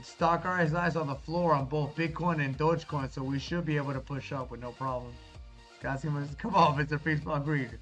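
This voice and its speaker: A man's voice: fairly high pitch, steady tone, a little fast, fairly bright tone. A man streaming live, reading viewer chat in a casual, reassuring way and calling everyone brother. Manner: laid-back, reassuring, calls viewers brother. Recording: dull lo-fi stream audio with faint music.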